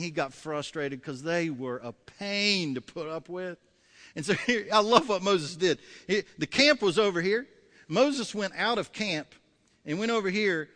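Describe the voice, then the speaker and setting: A man's voice: on the high side, a bit bright, big-room sound. A male pastor preaching a sermon, emphatic and repeating key phrases, acting out voices.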